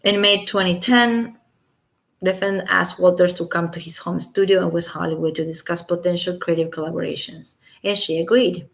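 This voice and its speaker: A woman in Los Angeles reads a court filing at home at a moderate pace, her lowish voice carrying vocal fry and fairly even intonation. Sarcastic, incredulous asides interrupt the text, a few of them whispered.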